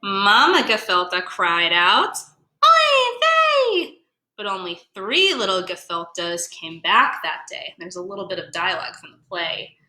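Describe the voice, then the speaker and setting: A woman museum educator reading a children's story aloud, playful and animated, explaining words as she goes. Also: on the low side, measured pace, few pauses. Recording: echoey room.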